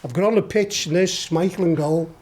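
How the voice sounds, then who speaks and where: Middle-aged Scouse bloke, raised voice, spins wild yarns with plenty of swearing and laughter. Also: male voice, fairly high pitch, a little fast, a little hiss or hum. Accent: Liverpool Scouse. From Liverpool, England. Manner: animated, swears a lot, laughs while telling. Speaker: podcast guest. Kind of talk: storytelling anecdote.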